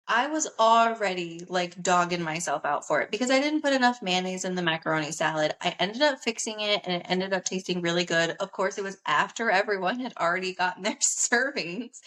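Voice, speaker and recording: A woman's voice: mid-range voice, fairly bright tone, low-quality recording. A young woman co-hosting a podcast, chatting casually with frequent laughter and poking fun at herself. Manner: laughs often, chatty and self-mocking. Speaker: podcast co-host. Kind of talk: casual chat.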